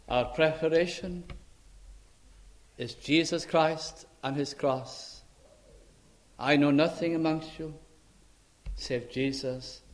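A man preaching a sermon in a church, emphatic and dramatic, swinging between loud and soft. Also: mid-range voice. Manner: emphatic, dramatic rises and drops in loudness.

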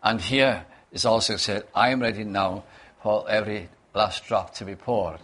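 A man with a fairly low voice gives an evening Bible talk at a prayer meeting. He speaks in an unhurried way, circling back to repeat key words and reading out old-fashioned scripture. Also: fairly bright tone. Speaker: preacher leading a prayer meeting.

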